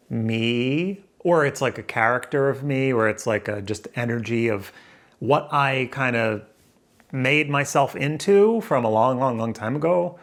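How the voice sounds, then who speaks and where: Man, gravelly voice, middle pitch, rambling self-questioning monologue, indoors to camera. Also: fairly bright tone. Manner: rambling, self-questioning, thinking aloud with restarts. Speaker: vlogger. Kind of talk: musing casual monologue. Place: indoors by a window. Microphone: camera facing him.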